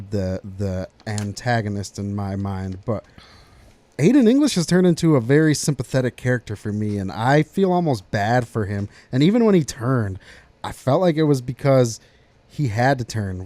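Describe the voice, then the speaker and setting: Man, podcast co-host, casual wrestling recap, animated, dry close sound. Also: mid-range voice, no room sound. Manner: animated storyteller, acts out quotes.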